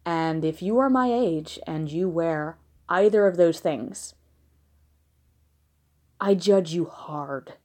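Speaking slowly in a lowish, somewhat mellow voice with frequent pauses, this woman from the American South works through listener questions at home while a dog is close by. Her casual answers are blunt and frank, punctuated by laughing, giggly asides.

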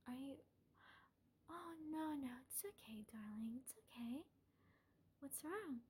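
Young woman as a doting, possessive kidnapper; whispered role-play, high, mellow, airy voice. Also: slow pace, a little hiss or hum. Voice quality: breathy, half-whispered. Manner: gentle, coaxing, calls listener darling. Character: obsessive doting female kidnapper, soft and possessive. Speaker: audio role-play performer.

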